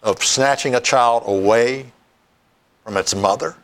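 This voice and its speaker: A man's voice: medium pitch, measured pace, a bit bright. A man preaching a sermon, reading scripture aloud and laughing often as he talks. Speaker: pastor.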